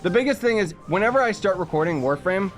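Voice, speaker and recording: A man's voice: high-pitched, expressive, quick pace, faint music behind. A young man from Canada chatting casually while livestreaming a game, reading chat messages aloud and making jokey asides. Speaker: livestreaming gamer.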